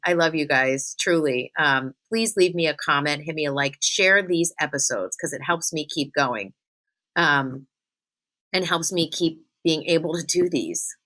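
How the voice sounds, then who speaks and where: A woman's voice: low-pitched, unhurried, a bit bright. A woman hosting a solo spiritual podcast, earnest and encouraging as she talks straight to her listeners. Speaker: podcast host, spiritual medium.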